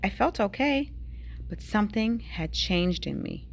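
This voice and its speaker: A woman, a teacher, reading a picture book aloud at bedtime, dramatically, with sudden hushed whispers. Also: animated, unhurried, creaky, a little hiss or hum. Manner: dramatic storytelling with sudden hushed whispers and big pitch swings.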